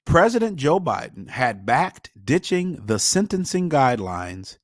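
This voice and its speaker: A man's voice: mid-range voice, very animated, no room sound, studio quality. A man co-hosting a political podcast, reading news items aloud and adding wry comments. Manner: measured, wry, reads then comments. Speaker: podcast co-host.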